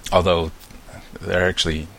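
A man's voice: deep voice, level tone, moderate pace, creaky, fairly bright tone, slight background noise. An American man with a slight New Zealand mix in his accent, hosting a podcast in a rambling, chatty monologue full of ums and restarts. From United States. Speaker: podcast host.

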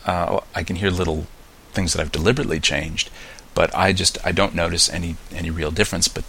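Gravelly low-voiced American man, chatty. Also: fairly even intonation, brisk, sharp tone, a little hiss or hum. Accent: American with slight New Zealand mix. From United States. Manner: rambling, chatty, frequent ums and restarts. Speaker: podcast host. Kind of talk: casual podcast monologue.

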